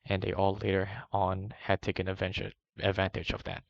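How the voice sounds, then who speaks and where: Male reader, deep and flat, steady document read-through, dry muffled lo-fi recording. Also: brisk, vocal fry, dry recording. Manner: steady, even first-person reading. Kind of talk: reading a long document aloud.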